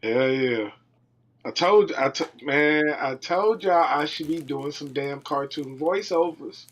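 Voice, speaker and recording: A man teasing his friends in a lively way during a casual voice-call chat. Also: a little high, takes it slowly. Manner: animated, teasing storyteller. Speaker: call participant.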